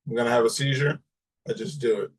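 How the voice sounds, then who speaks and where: Flat-voiced man reading comments. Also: mid-range voice, fast, husky. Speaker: podcast host. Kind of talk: casual podcast chat, reading listener comments.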